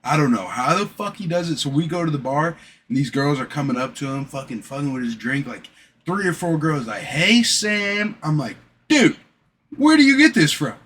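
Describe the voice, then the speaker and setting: A man's voice: mid-range voice, lively intonation, a little fast, husky. A young man in casual podcast chat, swearing a lot and telling workplace stories with imitations of coworkers. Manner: profane, storytelling with loud impressions of coworkers. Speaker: podcast co-host.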